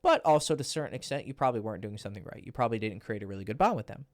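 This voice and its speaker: A man speaking as a dating coach in a loose, storytelling monologue, blunt and swearing freely. His pitch moves a lot and stays lively throughout. The sound is dry and close, with no room around it. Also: racing, no room sound. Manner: blunt, profane, animated.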